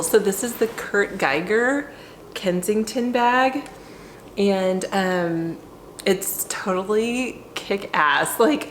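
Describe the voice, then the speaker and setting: A woman's voice: mid-range voice, slight background noise. A woman handbag vlogger doing an unboxing vlog, gushing and effusive, with lots of ums. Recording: roomy echo.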